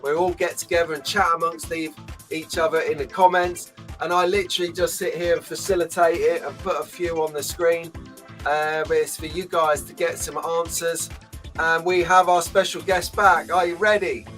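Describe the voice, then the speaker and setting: Chatty host, slightly high voice. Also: male voice, level tone, moderate pace, fairly bright tone, soft background music. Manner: chatty, jokey, greets viewers by name. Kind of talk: casual live-stream chat. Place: small home room.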